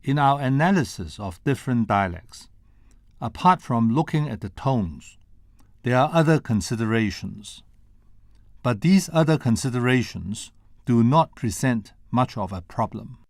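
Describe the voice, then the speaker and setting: This is an older man from Hong Kong delivering a lecture to a conference audience. He speaks very slowly at a middle pitch and sounds out each tone and syllable separately as he demonstrates them. The recording is dry, with almost no room sound. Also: lively intonation, a little mellow, no room sound. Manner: measured and deliberate, sounding out tones and syllables one by one. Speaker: presenter at a conference. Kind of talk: prepared lecture with spoken demonstrations.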